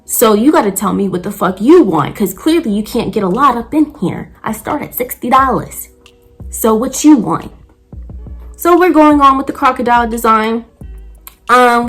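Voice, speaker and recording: A young woman nail artist telling a story about a client in a casual, heated, profane rant. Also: mid-range voice.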